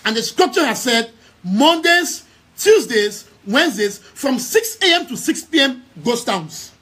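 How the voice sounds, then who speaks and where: On a live stream, a young man with a Cameroonian English accent, an activist and news outlet head from Southern Cameroons, addresses his followers emphatically, repeating key phrases and stammering through frequent restarts. His extremely high voice is expressive, measured in pace, fairly bright and slightly rough.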